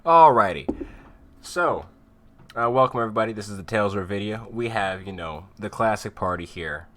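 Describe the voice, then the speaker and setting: A man's voice: fairly low pitch, animated, moderate pace, fairly bright tone, a little hiss or hum. A young man acting as game master, casually introducing his players with rambling, teasing jokes on a video call. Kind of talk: casual, joking intro to a live tabletop stream.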